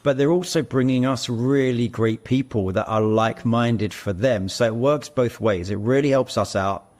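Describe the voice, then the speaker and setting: This man is a guest on a casual podcast, the co-founder of an audition platform, who tells earnest stories and explains things in long, run-on stretches. His voice sits in the mid-range, a little mellow, at a moderate pace.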